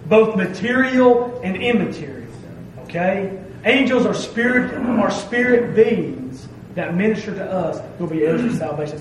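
A man with a high-sitting voice preaches a sermon emphatically, stressing his phrases and asking "okay?" to make sure listeners follow. He is heard from a distance in a very echoey room, with a little hiss or hum.

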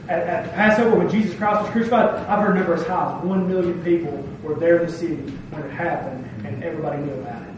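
A man's voice: high voice, a little mellow, distant mic, highs cut off, a little hiss or hum. A man preaching a folksy, conversational sermon to his church, reading scripture and explaining it. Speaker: pastor. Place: church sanctuary. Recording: very echoey hall, mic from afar.

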